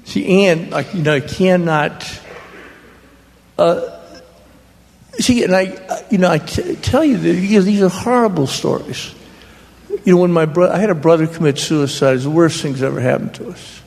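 An older man, telling family stories on stage to a live audience in a slow, drawling way, often laughing as he talks. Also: a little high, vocal fry, darkish tone. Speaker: author speaking on stage. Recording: long reverb of a hall.

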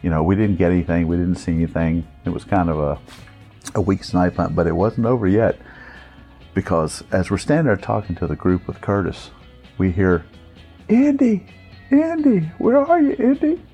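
A middle-aged man tells a personal story with plenty of amusement and animation. His low voice is mellow and warm, with a gravelly edge, and it rises and falls expressively as he acts out the people in the tale. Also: steady tone, fairly quick, soft background music.

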